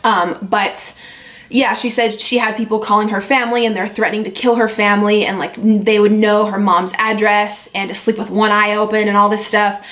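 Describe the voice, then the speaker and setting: A woman's voice: medium pitch, level tone, moderate pace, a bit bright. Candid young woman beauty vlogger. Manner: earnest, confiding, with frequent ums and likes. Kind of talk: candid talking-head vlog.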